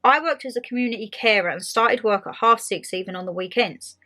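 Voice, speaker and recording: Her voice on the high side and brisk, a woman vlog host rants casually and animatedly, acting out what others say. She laughs often, and faint music sits underneath the recording.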